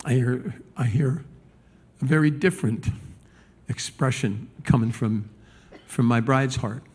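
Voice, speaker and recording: A man preaching a sermon as pastor, animated and conversational, stumbling over repeated words and acting out the people he quotes. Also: medium pitch, measured pace, breathy edge.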